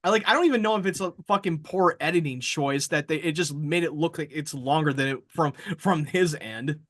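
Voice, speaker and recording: A man's voice: a little high, fairly quick, fairly bright tone. A man co-hosting a casual chat podcast, rambling with lots of fillers and casual swearing. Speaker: podcast co-host.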